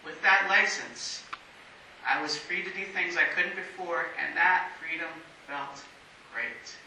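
High, bright-voiced man preaching in an echoey church. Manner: measured preaching with emphatic pauses. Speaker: pastor. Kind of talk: sermon. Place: church sanctuary. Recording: very echoey hall, distant mic, faint hiss.

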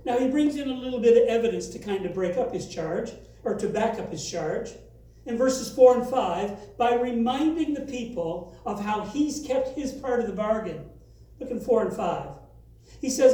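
A man's voice: very high voice, expressive, moderate pace, mellow, recorded from a distance. A man preaching a sermon as a pastor, earnest, reading scripture aloud with rising emphasis. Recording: very echoey, from away from the mic.

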